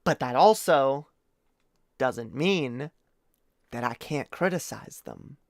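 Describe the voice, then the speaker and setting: A man's voice: medium pitch, lively intonation, slow, vocal fry, dry recording, studio quality. Rambling, opinionated live streamer guy. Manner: rambling, profane, lots of fillers and restarts; earnest and opinionated, addresses chat directly. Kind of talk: casual live-stream monologue.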